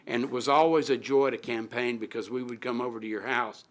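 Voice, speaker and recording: A middle-aged city alderman delivers an emotional tribute at a council meeting, speaking into a desk microphone. His medium-pitched voice holds a steady tone, but he speaks haltingly, with many restarts and pauses.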